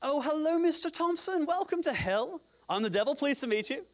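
A smarmy male devil, as a preacher puts him on with a fake English accent, purring mock-polite welcomes. His voice sits high and swoops about with lively sing-song pitch. The manner is fawning and theatrical, like an oily concierge. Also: brisk. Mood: mock welcoming. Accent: put-on English. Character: smarmy male devil greeting a rich arrival.

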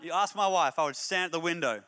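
A man preaching a humorous, energetic sermon as a pastor, moving between jokey stories and emphatic exhortation. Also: fairly high pitch, fast talker, long reverb tail, a little hiss or hum. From Australia. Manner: animated storyteller, jokey then emphatic and exhorting.

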